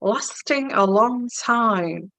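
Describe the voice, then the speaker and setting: A woman's voice: fairly high pitch, lively intonation, drawn-out words, pushed and bright, dry recording, poor audio. A woman giving a live-streamed tarot reading, musing and hesitant, with many fillers and restarts. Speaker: tarot reader.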